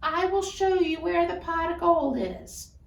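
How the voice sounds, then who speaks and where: A woman voicing a tricky little male leprechaun in a squeaky, frantic, wheedling voice while telling a folktale. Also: a little slow, creaky, recorded from a distance, heavily acted. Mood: sly. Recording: roomy echo, voice off-mic.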